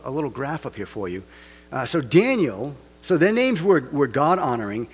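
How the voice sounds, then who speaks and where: A man's voice: mid-range voice, husky, big-room sound. A man preaching a casual sermon, full of rhetorical questions and joking asides. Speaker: pastor.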